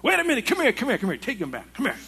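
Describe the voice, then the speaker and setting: A man's voice: big pitch swings, fast talker, husky, full character voice. A man voicing a blustering, self-important male district manager who barks orders in a raised, bossy voice. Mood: yelling. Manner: yelling, high and bossy. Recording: long hall reverb.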